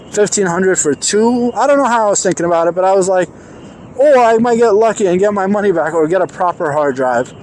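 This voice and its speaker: A man telling a personal story in an animated, emphatic way, acting out the dialogue. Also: high voice, slight background noise. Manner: excited, emphatic, acts out quoted dialogue.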